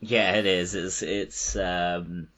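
A man's voice: deep voice, steady tone, takes it slowly, fairly bright tone. A man in a casual chat, swearing freely and laughing easily.

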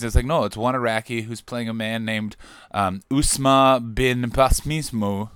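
A man hosting his own comedy podcast, rambling and joking, with loud bursts of excitement. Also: mid-range voice, unhurried, hardly any pauses, clean tone, no echo, clean studio sound. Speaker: podcast host. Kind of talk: solo comedic podcast monologue.

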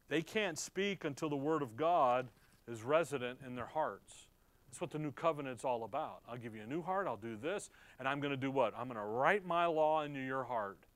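A man's voice: a little high, dry recording. Man teaching scripture, dry close sound. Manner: conversational, asks and answers his own questions; swings between emphatic and quiet. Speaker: pastor. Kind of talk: expository Bible teaching.

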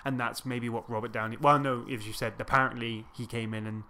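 A man in casual chat, measured and wry as he talks through a film. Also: mid-range voice, level tone, bright, forceful tone. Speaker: film podcast co-host.

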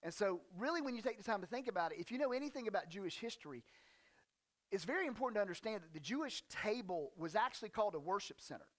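A male pastor preaching a casual, conversational sermon, folksy and joking with slang asides, and reading scripture with animated emphasis. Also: sits high, fast.

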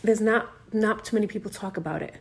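Laid-back woman co-host. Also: mid-range voice. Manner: supportive, quick to laugh and chime in. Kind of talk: casual chat.

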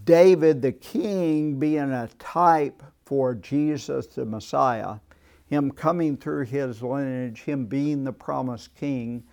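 Slow, gravelly-voiced male Bible teacher. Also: medium pitch, darkish tone. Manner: unhurried, thoughtful, with frequent restarts and "uh". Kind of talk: Bible class lecture with discussion.

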